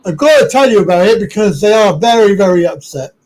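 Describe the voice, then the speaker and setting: A man's voice: high-pitched, lively intonation, fast, noisy background. A British man hosting a live stream, talking casually and bluntly with lots of swearing.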